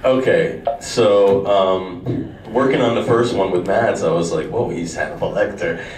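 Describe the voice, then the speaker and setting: A man telling lively stories with lots of laughter as a guest on a convention panel. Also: low voice, measured pace. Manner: animated, laughing storyteller. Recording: echoey, distant hall mic with noise.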